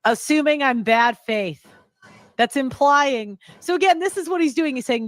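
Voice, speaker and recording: A woman's voice: sits high, normal speed, no echo. A woman speaking as a panel guest in a heated discussion, exasperated and defensive.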